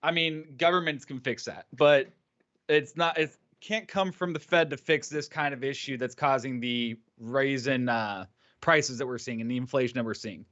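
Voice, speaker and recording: A man's voice: medium pitch, moderate pace, a bit bright. Blunt male co-host, dull audio. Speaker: market show co-host. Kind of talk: casual live-stream chat.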